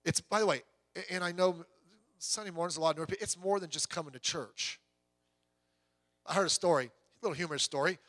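High, bright-voiced animated male preacher. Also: brisk, long pauses, dry recording. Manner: animated storyteller, acts out voices, rising to loud exclamations. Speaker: pastor. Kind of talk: conversational sermon with humor.

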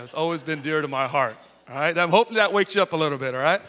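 A man's voice: on the high side, quick pace, few pauses, a bit bright. A man preaching a sermon in a church, telling stories in a chatty way and tagging lines with okay and all right. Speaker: pastor. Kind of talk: storytelling sermon. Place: church sanctuary. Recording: reverberant church hall.

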